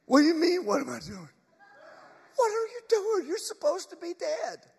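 A man's voice: very high-pitched, sing-song, measured pace, gravelly, darkish tone, pitched above the performer's own voice, full character voice. A man voicing Lazarus's friends, disbelieving and questioning, in a reverberant hall. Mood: shocked. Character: Lazarus's shocked friends at the grave. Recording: long church reverb.

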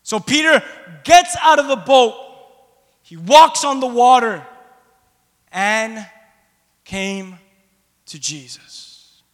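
A man preaching a sermon to his congregation, impassioned and rising to shouts at the peaks, questioning the room. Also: extremely high pitch, slow, pauses often, in a large hall. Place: church hall.

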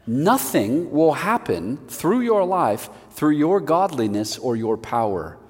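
A male pastor giving a sermon in an animated, conversational way with self-deprecating humor. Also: fairly high pitch, slow, in a large hall.

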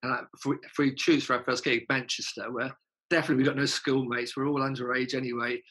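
A man's voice: mid-range voice, little pitch movement, fast, fairly bright tone, slightly rough, rough recording. A man, a musician being interviewed, telling anecdotes in a chatty way, laughing and swearing freely. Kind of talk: casual anecdotal storytelling.

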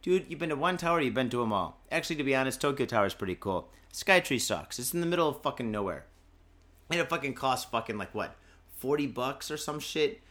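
A man's voice: mid-range voice, lively intonation, fast, fairly bright tone. Rowdy, profane, tipsy male podcast host. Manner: profane, rowdy, keeps saying "dude". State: tipsy from drinking. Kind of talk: rambling drunk podcast monologue. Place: Japan.

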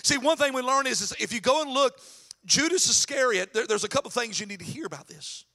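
A man preaching a sermon as pastor, mixing animated preaching with folksy storytelling and joking asides. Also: extremely high pitch, fast talker. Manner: animated preaching, voice rising in emphasis.

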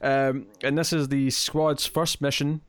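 A man's voice: medium pitch, flat delivery, a little slow, clean tone, no echo. A man co-hosting a podcast, chatting about comics in an enthusiastic, rambling way with many restarts. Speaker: podcast co-host. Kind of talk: casual comic book discussion.

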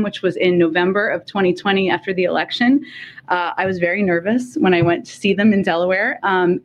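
A woman giving formal farewell remarks at a press briefing, halting and full of fillers as she holds back emotion. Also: lowish voice.

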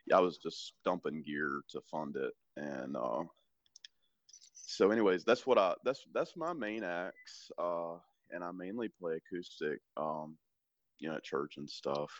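A deep-voiced man with a Southern US accent chats easily about his gear, often restarting his sentences. His voice is low and the sound is dry and a bit dull. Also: measured pace, dry recording. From American South. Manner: easygoing, rambling with frequent restarts. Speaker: podcast guest, church worship leader. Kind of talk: casual chat.

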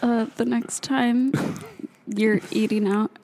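Female co-host: high, unhurried, teasing, noisy recording. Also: fairly even intonation, mellow. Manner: teasing, laughing. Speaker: podcast co-host. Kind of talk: casual chat.

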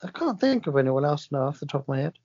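A man's voice: on the high side, sing-song, fast, darkish tone, breathy edge. A man co-hosting a casual podcast, teasing and cheeky with dry banter. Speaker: podcast co-host. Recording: dull lo-fi recording.

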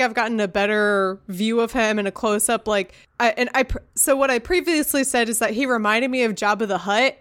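A woman chatting casually on a podcast, rambling and animated with lots of fillers and restarts. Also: on the high side.

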